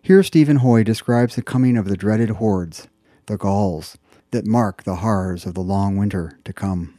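A man's voice: lowish voice, normal speed, warm tone, dry recording, studio quality. A man presenting a scripted audiobook review in an enthusiastic, polished way.

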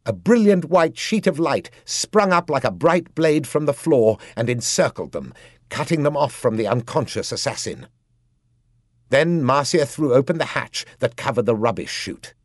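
Male audiobook narrator, expressive storytelling, husky, dry booth sound. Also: medium pitch, moderate pace, dry recording. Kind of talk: scripted narration.

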